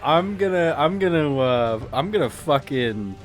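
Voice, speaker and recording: A man playing a tabletop game, speaking slowly with a lively, swinging pitch. He hesitates and repeats words before committing, with faint music behind the stream. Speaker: player. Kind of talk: casual tabletop play.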